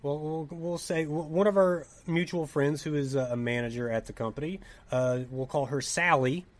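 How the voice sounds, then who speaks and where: A young man with a Tennessee drawl talks through a story for a podcast, his voice sitting a bit high for a man. He's animated and chatty, laughing and acting out bits of dialogue as he goes. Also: moderate pace. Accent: Southern US, Tennessee. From Tennessee, USA. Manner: animated, laughing, swears, acts out quoted dialogue. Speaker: podcast co-host. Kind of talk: casual storytelling chat.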